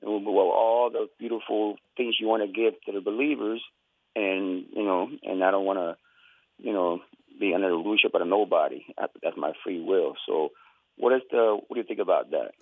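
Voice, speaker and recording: A man calling in to a radio show with a halting way of talking and many repeated words. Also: low voice, no echo. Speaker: caller. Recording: tinny phone line.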